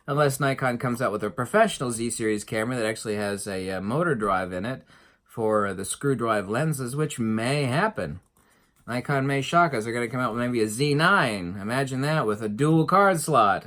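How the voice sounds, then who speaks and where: A man's voice: mid-range voice, a bit bright. A middle-aged man giving an emphatic, sarcastic monologue as a photography vlogger, with frequent fillers and restarts. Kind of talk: opinionated casual monologue.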